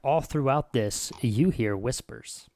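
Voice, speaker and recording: A man's voice: medium pitch, slow. A man narrating as game master, describing scenes in a loose, rambling way. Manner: relaxed, rambling description with fillers.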